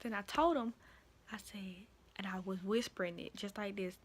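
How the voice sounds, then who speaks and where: A young woman vlogger telling a work story in a chatty, animated way, calling her viewers y'all. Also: medium pitch, moderate pace, slightly rough. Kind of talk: casual storytime.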